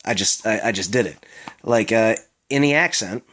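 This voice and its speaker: A man's voice: on the low side, fairly even intonation, normal speed. A young man from Maryland with a Baltimore accent, chatting casually in a vlog, rambling with lots of fillers and self-mocking asides. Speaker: vlogger.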